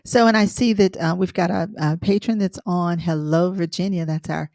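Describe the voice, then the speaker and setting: A woman's voice: on the low side, steady tone, normal speed, a little mellow, no room sound, studio quality. A middle-aged woman co-hosting a livestream, chatting casually with many fillers and restarts. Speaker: co-host.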